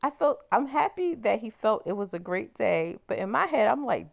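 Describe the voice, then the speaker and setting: Animated woman telling a story. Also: on the high side, moderate pace, creaky, highs cut off. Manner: animated, chatty, exclaiming. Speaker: crochet vlogger. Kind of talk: casual storytelling.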